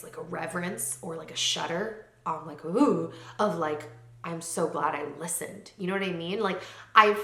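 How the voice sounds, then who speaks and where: A woman's voice: on the low side, gravelly, sharp tone, echoey room. A young woman talking casually to camera at home in a heartfelt, chatty way, full of likes and ums. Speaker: lifestyle vlogger. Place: home room with hard floors. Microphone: camera mic.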